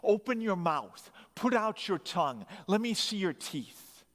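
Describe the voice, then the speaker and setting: A man shouting as a cruel screaming camp commandant. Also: sits high, big pitch swings, measured pace, big-room sound, voice pushed up, heavily acted. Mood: barking. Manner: barking harsh orders.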